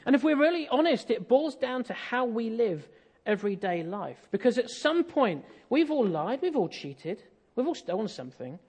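Animated English preacher with a lively voice. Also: male voice, very high voice, moderate pace, slightly rough. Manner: animated, conversational, self-deprecating humour. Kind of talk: sermon with personal storytelling.

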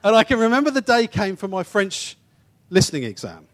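Male preacher from England, slightly high voice, informal teaching sermon, stumbles and restarts, speeds through asides, slows on key points. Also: sing-song, a bit bright. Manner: shifts between quick asides and slow, emphatic phrases. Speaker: traveling preacher.

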